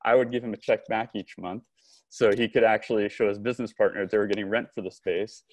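A man, a podcast guest and company co-founder, telling a long story in an animated conversational way, acting out remembered dialogue. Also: lowish voice, fast talker. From Southern California. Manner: animated storyteller, frequent restarts and quoted dialogue.

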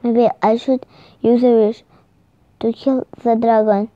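A woman voicing a frightened but brave young girl in a children's storybook, reading haltingly with restarts. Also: a little high, level tone, no room sound, close to an everyday voice. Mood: anxious. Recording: slightly dull lo-fi recording.

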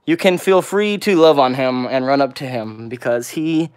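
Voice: medium pitch, moderate pace, a little mellow, clear, resonant tone. A pet channel host chatting on a casual livestream, greeting viewers by name, reading out comments and cooing at the dogs. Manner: affectionate baby talk with the dogs.

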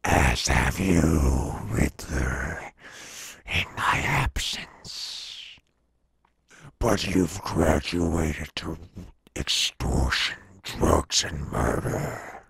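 A vampire Batman: a monstrous, menacing figure whose voice sits very deep and crawls out at a dragging pace. Every word is a gravelly, husky rasp, often sinking to a growled whisper. It is recorded close and dry, for a comic-book recap. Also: extremely slow, fairly bright tone, dry recording, heavily acted. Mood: sinister whisper. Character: vampire bat-monster male vigilante, cold and menacing. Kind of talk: comedic comic recap voice acting.

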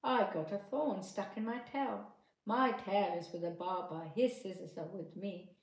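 A woman voicing a small, pushy, wandering male mouse in a storybook with bright, pleading sing-song lines. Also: medium pitch, fairly even intonation, measured pace, creaky. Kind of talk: storybook narration. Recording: echoey room.

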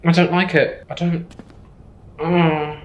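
A man playing a horror game on stream, nervous and swearing as he repeats his worries. His voice sits a bit high. The room sounds echoey, with faint hiss underneath. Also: little pitch movement, takes it slowly, lo-fi sound. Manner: jittery, swearing, keeps repeating himself. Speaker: gameplay streamer.

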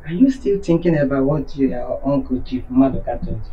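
A woman's voice: a bass voice, expressive, normal speed. A woman playing a caring mother asking her son what troubles him. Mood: concerned. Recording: dull film sound.

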